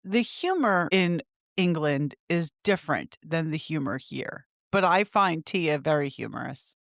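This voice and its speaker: A woman's voice: deep voice, animated, a little slow, gravelly, fairly bright tone, no room sound, studio quality. A woman co-hosting a podcast, talking in an opinionated, emphatic way about a reality show. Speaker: podcast co-host. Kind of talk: casual chat.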